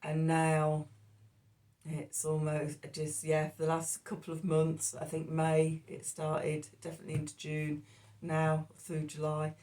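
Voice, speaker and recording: A woman with a low, unhurried voice talks through the day's astrology and tarot, losing her thread often and filling gaps with ums. A cough keeps catching her, and she sits a little back from the microphone. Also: monotone, darkish tone, recorded from a distance. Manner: rambling, self-interrupting, with fillers. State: coughing, hoarse. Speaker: tarot reader. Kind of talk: casual astrology and tarot talk.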